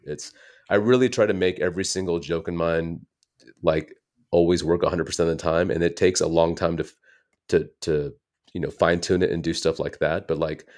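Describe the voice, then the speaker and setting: A man's voice: deep voice, fairly even intonation, brisk, a little mellow. A man from the United States, a comedian guest telling stories in casual interview chat, rambling and correcting himself as he goes. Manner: rambling, self-correcting storyteller.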